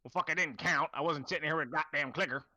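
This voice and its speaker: Gruff foul-mouthed old codger, pitched up high and loud and bright, as a game master puts him on; dull lo-fi sound. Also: male voice, fast talker, no room sound. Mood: irritated. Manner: gruff, swearing constantly. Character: cranky foul-mouthed old human man. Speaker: game master voicing a character. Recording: dull lo-fi recording.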